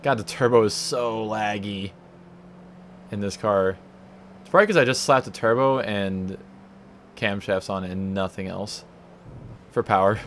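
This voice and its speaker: A man's voice: lowish voice, unhurried, pauses often, a little hiss or hum. A man giving casual, rambling, self-mocking commentary while playing a racing game from home. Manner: rambling, self-mocking, sings silly stutters. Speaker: let's play gamer.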